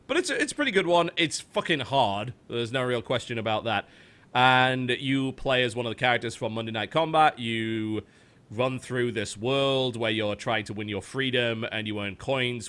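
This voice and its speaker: Male podcast host, bright and tense tone, eager, swears freely. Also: medium pitch. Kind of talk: casual chat, game recommendations.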